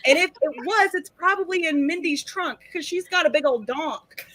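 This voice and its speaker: A woman's voice: very high voice, normal speed, heavy background noise. A woman in casual chat, joking and teasing her friends.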